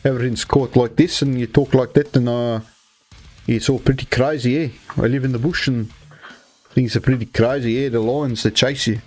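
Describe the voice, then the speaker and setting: A man's voice: mid-range voice, steady tone, normal speed, darkish tone, soft background music, natural voice. A man putting on a South African accent to voice a jokey man from the bush, clipping his lines and tagging them with "eh?". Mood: playful. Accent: South African, put on.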